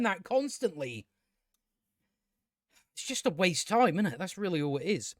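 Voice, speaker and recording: A man's voice: on the high side, sing-song, a little slow, gravelly, long pauses, dry recording, clean studio sound. A man, hosting a casual review and ranting in an exasperated, sarcastic way, swearing and stumbling over restarts. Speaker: TV review host.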